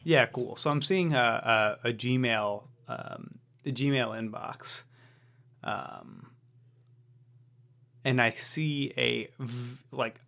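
A male podcast co-host with a gravelly, creaky voice. He talks casually, wandering through his thoughts and second-guessing himself as he goes. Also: medium pitch, drawn-out words, pushed and bright. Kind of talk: casual chat.

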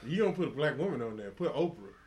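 Quick and sing-song, a little mellow, this man's mid-range voice belongs to a podcast co-host swapping crude jokes in laid-back conversation, laughing in bursts.

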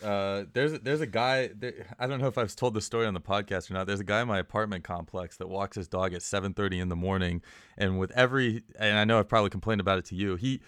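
Low, dry-sounding man telling a story. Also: steady tone, fast, a bit bright, clear, resonant tone, no room sound. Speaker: podcast producer. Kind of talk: casual chat.

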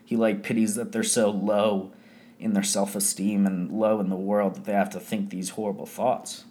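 A man's voice: on the low side, little pitch movement, moderate pace, mellow. A young man telling a personal story in a loose, profane, rambling way, full of fillers. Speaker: podcast host. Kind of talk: casual storytelling monologue.

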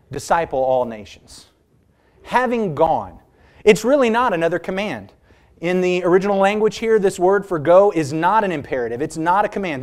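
Emphatic preacher with a slightly high voice. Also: male voice, a little mellow. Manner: emphatic, stretches key words slowly and rises in pitch for stress; asks the congregation rhetorical questions. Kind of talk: sermon.

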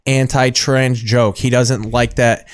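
A man of middle pitch hosts a live-streamed show from behind a studio mic. He talks loosely and conversationally, with plenty of filler words. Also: little pitch movement, slow pace, smooth. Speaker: podcast host. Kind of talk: casual chat.

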